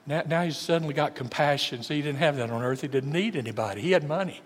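A man preaching a sermon as pastor, swinging dramatically between booming and hushed delivery. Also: fast talker, few pauses. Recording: long church hall reverb.

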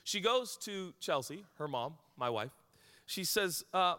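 Pastor, man in his forties, preaching with candid, chatty stories; bright, slightly high voice carrying through a reverberant hall. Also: very animated, a little slow, clear, resonant tone. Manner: candid, conversational storytelling. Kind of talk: sermon. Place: large hall with congregation.

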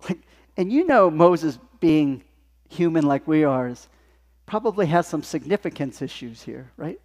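Pastor guy giving a sermon, chatty and lively, fairly high voice, long reverb in a church. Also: normal speed. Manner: conversational, animated storytelling. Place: church sanctuary.

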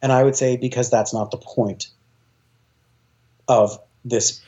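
A man's voice: medium pitch, steady tone, takes it slowly, warm tone, dull audio. A man, a choir director, talking as an interview guest, eager and rambling, with lots of fillers and restarts. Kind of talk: casual interview talk.

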